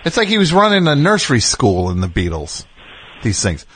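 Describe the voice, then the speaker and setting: A man's voice: mid-range voice, wildly swooping pitch, brisk, fairly bright tone, a little hiss or hum. A man hosting a call-in radio show, sarcastic and riffing with mock exasperation at callers. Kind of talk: casual call-in radio chat.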